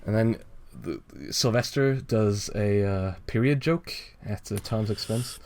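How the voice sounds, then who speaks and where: A man's voice: fairly low pitch, measured pace, a little mellow. A young man hosting a casual podcast, rambling and laughing as he walks through a fan comic. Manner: rambling, giggly, lots of filler. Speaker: podcast host.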